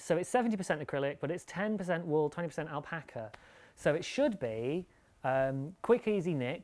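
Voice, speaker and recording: A man hosting a live podcast, chatting casually and rambling a little while laughing at himself. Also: on the high side. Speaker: podcast host. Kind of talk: casual live-show chat about knitting.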